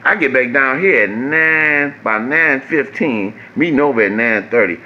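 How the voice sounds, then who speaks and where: A man, telling a profane, animated story that jumps high when he gets exasperated. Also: unhurried, lo-fi sound, slight background noise. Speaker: vlogger. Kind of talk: casual storytelling.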